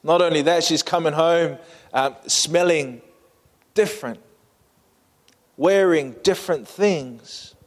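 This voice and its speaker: A man preaching a sermon, painting a vivid scene slowly and inviting listeners to imagine it. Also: on the high side, long reverb tail. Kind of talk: storytelling sermon.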